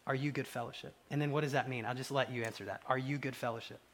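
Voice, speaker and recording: A man preaching a conversational sermon, dropping to quiet low asides and rising into loud, excited acted quotes. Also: fast. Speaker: pastor.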